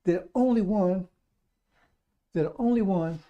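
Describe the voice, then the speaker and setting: A man's voice: sits high, measured pace, muffled recording. A man preaching a radio sermon, emphatic and repetitive, speaking straight to his listeners.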